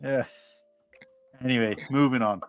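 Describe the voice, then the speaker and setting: A man's voice: mid-range voice, unhurried, clean tone, lo-fi sound, soft background music. Chatty man hosting a casual chat. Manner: chatty, animated, laughs often. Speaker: podcast host.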